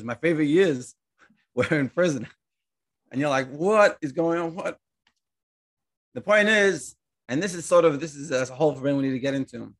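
A man's voice: medium pitch, gravelly. A man teaching a Torah class in a casual, chatty way, acting out stories with frequent restarts and repeated words. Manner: animated storytelling with many restarts.

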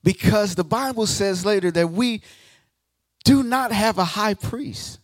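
A guest pastor preaching a sermon to a congregation. He acts out the speakers he quotes and swings from loud declarations down to hushed near-whispers. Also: high-pitched, measured pace, dry recording, clean studio sound.

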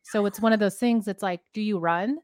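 A woman's voice: medium pitch, fairly quick, a little mellow, no echo. A woman co-hosting a podcast, chatting casually with dry, matter-of-fact humor. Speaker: podcast co-host and coach.

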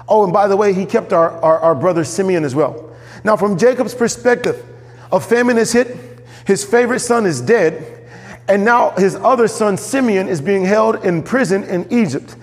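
A man preaching a sermon as pastor, animated, jumping up in pitch when he voices quoted characters. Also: normal speed, big-room sound.

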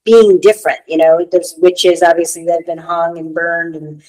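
A woman's voice: lowish voice, fairly even intonation, moderate pace, darkish tone, rough recording. A woman co-hosting a casual spiritual talk show, talking in a reflective way with many "you know" fillers. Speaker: podcast co-host.

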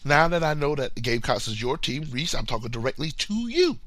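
A man's voice: medium pitch, fairly quick, a bit bright. A man co-hosting a podcast, talking sports casually with playful trash talk, often repeating words as he starts a sentence. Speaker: podcast co-host.

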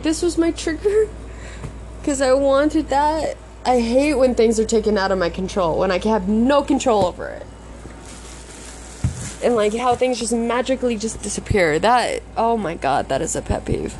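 A woman vlogger venting at home, swearing freely and arguing with herself as her frustration rises and breaks into laughs. Her voice sits at an average pitch. The phone recording sounds muffled, with a faint hiss of noise behind her. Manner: swears a lot, talks to herself, swings between frustrated and laughing. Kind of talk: venting casual monologue.

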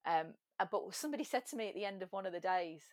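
A woman's voice: mid-range voice, expressive, very fast, a little mellow, no room sound. An English woman chatting animatedly as a podcast guest, telling stories and slipping into little voices. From England. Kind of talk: casual chat.

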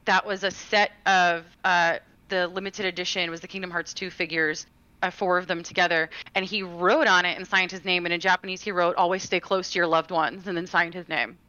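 A woman's voice: lowish voice, fairly even intonation, moderate pace, pushed and bright, no room sound, dull audio. A woman co-hosting a gaming podcast, telling a personal story in a chatty way with many fillers and restarts. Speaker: podcast co-host. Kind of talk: casual chat, storytelling.

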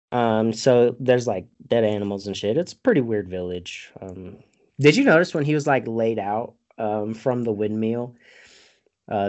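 A man's voice: fairly low pitch, a little mellow. Laid-back man recapping a movie. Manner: rambling, profane, laughs often. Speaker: podcast host.

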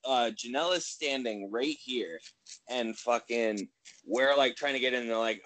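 A man in casual podcast chat, excitable and quick to jump in, swearing as he goes. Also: medium pitch, rough recording.

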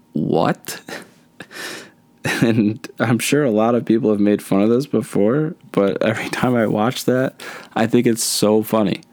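A man's voice: lowish voice, steady tone, normal speed, darkish tone, no echo. A man in his thirties hosting a solo podcast, chatting in a rambling, easygoing way with many fillers. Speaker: podcast host. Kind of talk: casual solo podcast chat.

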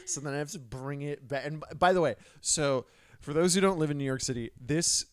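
Smooth-voiced man, profane storyteller. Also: a little high, fairly quick, dry recording. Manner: profane, animated storytelling with quoted dialogue. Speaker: podcast co-host. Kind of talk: casual chat. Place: New York City.

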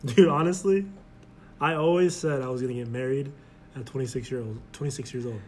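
A man in his twenties co-hosting a podcast, easygoing and quick to laugh. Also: mid-range voice, a little hiss or hum. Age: 20s. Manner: easygoing, laughs often, animated. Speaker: podcast co-host. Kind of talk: casual chat.

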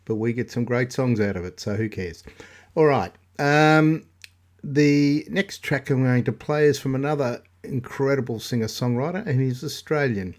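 A man hosting a radio music show in a relaxed way, cracking jokes about himself and pausing on fillers. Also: mid-range voice. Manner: joking asides, hesitant fillers. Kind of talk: casual radio presenting.

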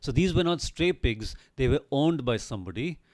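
A man retells a Bible story as a teaching, earnest and emphatic in tone. His pitch sits in an ordinary middle range. He draws the listener in with frequent rhetorical questions. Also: animated, moderate pace, a little mellow.

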